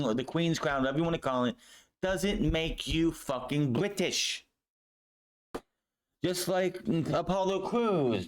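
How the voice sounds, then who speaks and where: A man giving a casual spoken recap of a show from his room, blunt and sarcastic, swearing freely as he goes. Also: on the high side. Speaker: wrestling show reviewer. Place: home room.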